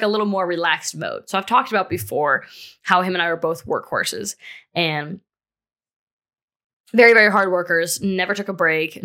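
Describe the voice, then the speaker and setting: Her voice sits on the low side with a bright, forceful tone. As a young podcast host in her twenties, she delivers a frank, casual monologue about her breakup, full of filler words and the odd curse.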